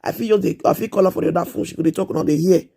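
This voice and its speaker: A woman's voice: on the low side, rapid-fire, gravelly, dark tone, breathy edge. A Nigerian woman in her thirties on a casual live stream, giving earnest advice and repeating herself as she pleads with her viewers.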